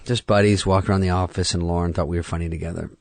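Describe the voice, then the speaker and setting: A man's voice: deep voice, fairly even intonation, very fast, vocal fry, dry recording. A man from Arizona reminiscing in a casual interview with a sardonic, offhand manner. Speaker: comedian interviewee.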